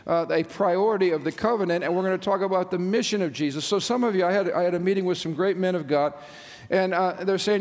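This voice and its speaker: A male pastor with a high voice preaches fast and enthusiastically, often saying "uh" and putting questions to the congregation. The sermon echoes with long reverb through a large church sanctuary.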